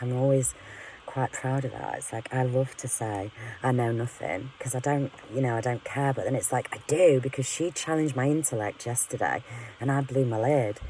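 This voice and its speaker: A woman's voice: extremely low pitch, mellow, a little hiss or hum, low-quality recording. A woman venting in a candid, rambling monologue to her camera, frank and full of swearing, often laughing at herself. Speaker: vlogger.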